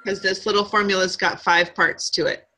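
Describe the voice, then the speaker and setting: A woman's voice: medium pitch, flat delivery, normal speed, noisy background. A middle-aged woman leading a live sales training session, upbeat and coaching, drawing call-and-response from her group.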